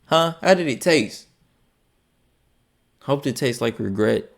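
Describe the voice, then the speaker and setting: A man with a gravelly, raspy edge to his voice, talking casually as he reacts to a video on a live stream. He swears constantly and sounds incredulous, jumping from loud outbursts to muttered asides. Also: medium pitch, animated, takes it slowly.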